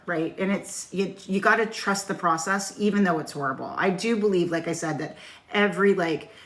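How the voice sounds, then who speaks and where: A woman's voice: on the low side, a bit bright. A middle-aged woman giving a casual live-stream tarot reading, talking frankly and swearing freely as she addresses viewers by name. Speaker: tarot reader. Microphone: phone.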